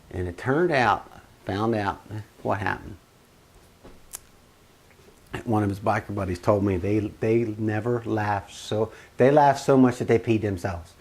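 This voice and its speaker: A man telling a funny family story in a casual first-person way, animated, with big swings in pitch and loudness. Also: a little slow, long pauses.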